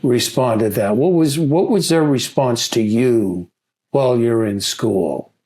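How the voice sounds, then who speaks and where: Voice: mid-range voice, lively intonation, measured pace, dark tone. An interview host who breaks in with short questions and reactions.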